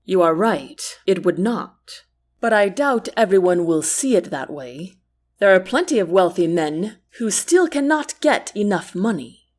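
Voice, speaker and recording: A woman voicing a calm, kind young prince in an audiobook, speaking softly and earnestly. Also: medium pitch, unhurried. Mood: gentle. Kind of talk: audiobook character reading.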